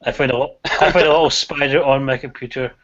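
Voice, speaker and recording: A man's voice: mid-range voice, fairly even intonation, quick pace, fairly bright tone, lo-fi sound. A man co-hosting a casual group video-call chat, easygoing and keen to keep things on topic. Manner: tries to steer the chat back on topic, easygoing.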